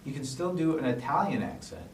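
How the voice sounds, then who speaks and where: A high-voiced man trades sarcastic, mock-pompous jabs on a comedy show. He sounds set back from the mic, and the room gives the voice a strong echo. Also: a little fast, a little hiss or hum. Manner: sarcastic, mock-pompous, bursts into silly song. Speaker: co-host. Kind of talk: improvised comedy banter. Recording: echoey room, distant mic.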